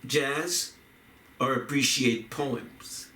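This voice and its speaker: Slow, bright-voiced man in an echoey room. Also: mid-range voice, far from the mic. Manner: slow, deliberate, repeats phrases, taps out rhythms vocally. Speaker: video essayist on poetry and music. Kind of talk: reflective talk to camera.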